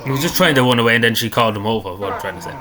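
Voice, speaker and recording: A man's voice: mid-range voice, lively intonation, very fast, a crowd in the background. A man giving rambling, indignant commentary on a video clip, repeating himself often. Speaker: political commentator.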